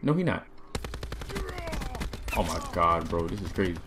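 A young man giving excited gameplay commentary as a gaming video host, loud and jumpy, repeating himself in bursts. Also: sits low, a little slow, noisy background. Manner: hyped, loud outbursts, repeats phrases, laughing. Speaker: gaming YouTuber. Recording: faint music and gunfire behind.

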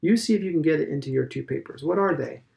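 A man reading aloud, voicing a pompous old male schoolmaster who speaks briskly and emphatically. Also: fairly high pitch, vocal fry, voice pushed up, low-quality recording. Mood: emphatic. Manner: loud, emphatic, brisk lecturing.

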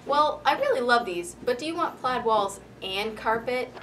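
A woman's voice: on the high side, expressive, normal speed, a bit bright. A teenage girl hosting a parody home design show with upbeat, mock-earnest presenter patter. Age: teens. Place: school building indoors. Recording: distant mic with faint noise.

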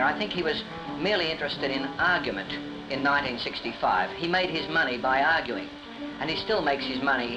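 A man speaking in a documentary interview, measured and thoughtful, with occasional hesitant fillers. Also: medium pitch, dull audio. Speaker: interviewee, chapel associate.

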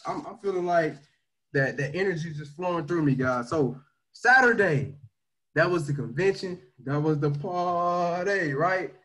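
Man, motivational livestream, slangy, energetic, loud pushes and soft asides, fairly high voice. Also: poor audio. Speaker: team leader teaching leadership.

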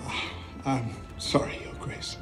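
An actor playing a calm, pious churchman who speaks softly but will not give way. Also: takes it slowly, music in the background, natural voice.

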